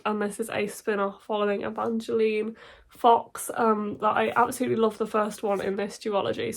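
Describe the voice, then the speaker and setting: A young woman with a head cold talks about her reading plans to camera. Her voice sits a touch high and sounds nasal and bunged up. She gushes with excitement in a loose, chatty way. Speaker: book YouTuber. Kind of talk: casual book chat to camera.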